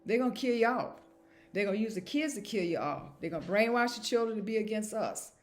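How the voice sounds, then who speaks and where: A woman's voice: mid-range voice, lively intonation, brisk. A woman vlogger talking to camera in a casual monologue, emphatic and repetitive and chuckling at herself.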